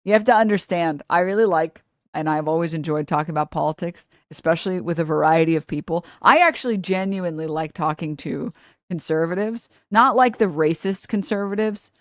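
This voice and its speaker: A woman's voice: lowish voice, a little fast, no room sound, studio quality. A woman live streamer ranting about politics to her chat, blunt, sarcastic and profane, often laughing mid-sentence. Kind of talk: casual political rant to chat.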